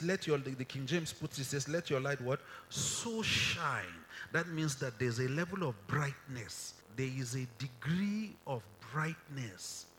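A man's voice: mid-range voice, a bit bright, slight background noise. A man preaching a sermon from a stage in a hall, often quizzing the crowd to finish verses and repeating phrases for emphasis.

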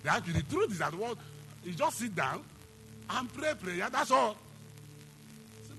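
Preacher guy, high bright voice, lots of repeating and asking "are you hearing me", faint music behind. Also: big pitch swings, a little slow, long pauses. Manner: emphatic preaching with repeated phrases and rhetorical questions. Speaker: pastor. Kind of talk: sermon.

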